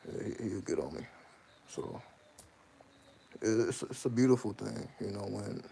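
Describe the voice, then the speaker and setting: A man's voice: fairly low pitch, animated, unhurried, gravelly, warm tone, a little hiss or hum, rough recording. A man talking casually to the camera about his life, loose and slangy, often repeating himself and asking "you know what I mean". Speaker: channel host. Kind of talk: casual spoken monologue.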